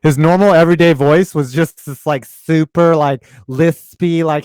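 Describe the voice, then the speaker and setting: A man's voice: a little high, fairly even intonation, normal speed, a little mellow, dry recording. A man co-hosting a podcast in casual chat, joking and riffing with plenty of profanity. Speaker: podcast co-host.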